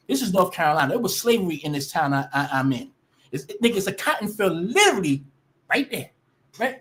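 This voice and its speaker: A woman ranting casually to her viewers, blunt and profane, often restarting her sentences. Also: lowish voice. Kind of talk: casual rant to camera.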